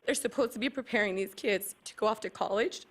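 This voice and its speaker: A woman's voice: medium pitch, brisk. A woman giving an earnest, emotional public comment as a parent at a county meeting, speaking into a podium microphone. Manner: earnest and emotional, slightly shaky. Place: county commission meeting room.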